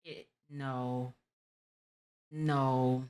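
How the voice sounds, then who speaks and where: A woman's voice: very deep voice, flat delivery, extremely slow, a little mellow. A woman in her twenties hosting a live stream, reacting casually and candidly lecturing with advice. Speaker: streamer host.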